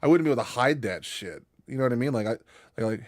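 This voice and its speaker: Animated young man rambling casually. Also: mid-range voice, fast. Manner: rambling, laid-back, slangy and animated. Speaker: streamer. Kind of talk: casual live-stream chat.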